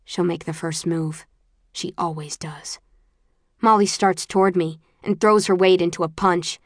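A woman reading a first-person audiobook in a low-key, measured way, sometimes dropping to near whispers. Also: steady tone, no room sound, studio quality. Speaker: audiobook narrator.

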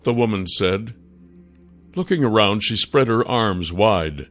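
Calm male storybook narrator. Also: fairly low pitch, slow, soft background music.

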